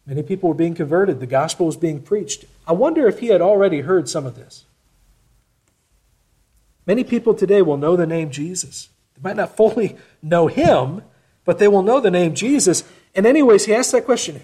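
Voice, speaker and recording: Guy preaching a sermon, kinda husky voice, reads the verses then explains em. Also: on the high side, a little fast. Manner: expressive, varies loudness, reads scripture aloud.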